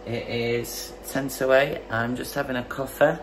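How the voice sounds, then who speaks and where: A woman's voice: extremely low pitch, fairly even intonation, a little slow, a little hiss or hum. A woman casually chatting in a home vlog, breezy and swearing now and then as she shows off products. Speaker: fitness vlogger.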